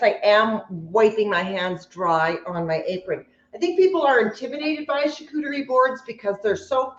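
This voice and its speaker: A woman hosting a live kitchen stream, chatting casually in a bubbly way and breaking into laughter. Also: medium pitch. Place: home kitchen. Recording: echoey kitchen, dull lo-fi sound.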